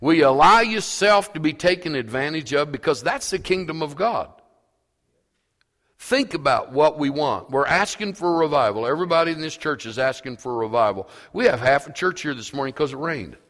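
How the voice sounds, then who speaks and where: Folksy preacher in an echoing church. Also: male voice, on the high side, animated, a little fast, fairly bright tone. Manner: folksy storytelling, rising to fervent preaching. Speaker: pastor. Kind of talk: sermon. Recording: reverberant church hall.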